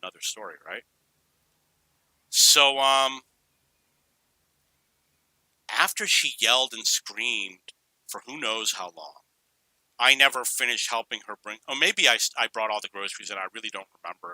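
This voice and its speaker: A man's voice: lowish voice, normal speed, pauses often, pushed and bright, dry recording, rough recording. A middle-aged man from New York casually telling rambling personal stories, drifting off on tangents. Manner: rambling, digressive, anecdotal. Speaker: storyteller.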